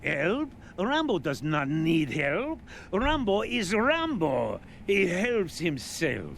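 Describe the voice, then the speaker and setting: Jean Rambo, a vain French gunsmith. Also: male voice, high voice, huge pitch swings, slow, gravelly, background noise, full character voice. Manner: theatrical, self-important. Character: pompous French gun shop owner, vain and dim. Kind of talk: video game voice acting.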